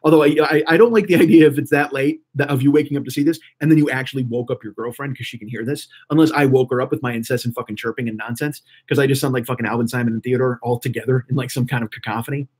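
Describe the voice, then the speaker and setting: A man's voice: mid-range voice, steady tone, racing, few pauses, slightly rough. A man in his forties hosting a live stream, chatting casually and rambling profanely to viewers in the chat. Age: 40s.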